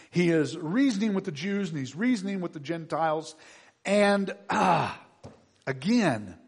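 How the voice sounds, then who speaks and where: A husky-voiced man preaches in a loose, conversational way, his fairly high voice swinging widely as he tells the story and checks in with his listeners. He acts out the people he quotes and asks the room questions as he goes. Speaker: pastor. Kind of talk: conversational sermon.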